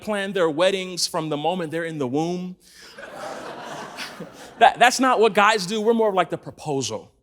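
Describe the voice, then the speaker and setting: A man in his thirties from Los Angeles, preaching to a congregation and telling a story with frequent laughter. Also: high voice. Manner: animated storytelling, laughing often. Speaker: church speaker. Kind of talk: sermon. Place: church in front of a congregation.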